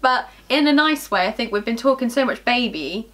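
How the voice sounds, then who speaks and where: A young woman chats casually to camera, her voice bright and a touch high. She giggles often and drifts into ums and restarts as she tells a story. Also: animated, moderate pace. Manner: chatty, giggly, trails off with ums. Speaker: vlogger. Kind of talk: casual chat.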